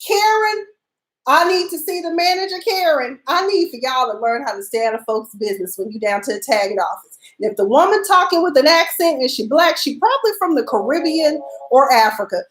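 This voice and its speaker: A woman's voice: high-pitched, fairly quick, hardly any pauses, echoey room, rough recording. Sassy woman hosting talk radio. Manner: sassy, animated storytelling with asides to listeners. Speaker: internet radio show host. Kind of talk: casual talk radio monologue.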